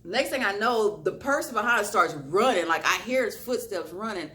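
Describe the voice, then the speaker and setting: A woman's voice: medium pitch, moderate pace. A young woman vlogger telling a story to her viewers in a casual way, acting out what people said. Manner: animated storytelling, acting out quoted lines.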